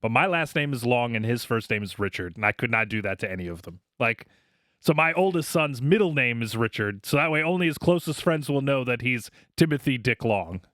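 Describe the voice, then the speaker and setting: A man's voice: medium pitch, animated, a little fast, fairly bright tone, no echo, studio quality. A middle-aged man co-hosting a podcast, telling crude stories in casual chat and laughing often. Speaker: podcast co-host.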